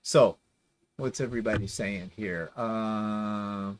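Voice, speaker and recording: A man's voice: mid-range voice, big pitch swings, unhurried, a bit bright, slight background noise. A man hosting a quilting livestream, chatting casually and reading viewer comments in a sarcastic, theatrical way. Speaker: quilting channel host.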